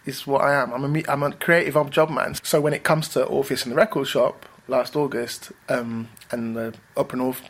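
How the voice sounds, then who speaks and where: A man, a rapper and writer, telling stories in a relaxed interview, animated and bouncy, acting out other people's voices. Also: mid-range voice, a little fast, few pauses. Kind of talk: casual interview storytelling.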